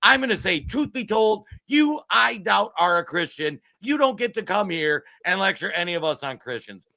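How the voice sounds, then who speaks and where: Male co-host, heated commentary, bright edgy voice, a bit high. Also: very animated, normal speed, gravelly. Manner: heated, raising his voice, worked up. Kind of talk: political commentary show. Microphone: streaming studio mic.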